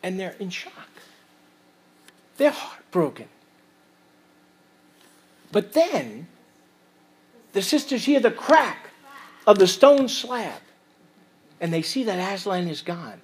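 A man preaching an expository sermon as pastor, reading scripture aloud and swinging between loud emphasis and quiet asides. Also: sits high, very animated, slow, pauses often, husky.

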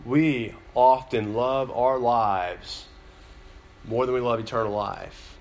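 A male pastor preaches in a casual, chatty manner, leaning on fillers as he talks through his point. His pitch sits in a middling range for a man. Faint ambient noise hums under his voice. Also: darkish tone. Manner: conversational preaching, many fillers, building emphasis. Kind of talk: sermon.

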